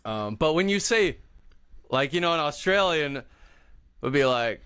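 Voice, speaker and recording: Animated young man with a lively voice. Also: on the high side, a little slow, clear, resonant tone, no echo, clean studio sound. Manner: animated and enthusiastic, laughs often. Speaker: podcast co-host. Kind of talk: casual chat.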